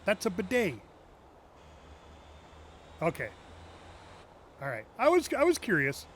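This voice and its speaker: A man's voice: sits high, huge pitch swings, takes it slowly, slight background noise. A man streaming a driving game, chatting casually with viewers in a rambling, joking way and laughing often. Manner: chatty asides to viewers in chat. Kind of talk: casual chat while playing a driving game.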